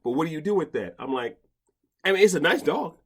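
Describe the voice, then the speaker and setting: A man's voice: on the high side, expressive, fairly quick, breathy edge. Stammering man in casual chat. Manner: rambling with many restarts and stammers. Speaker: podcast host, dog behavior expert.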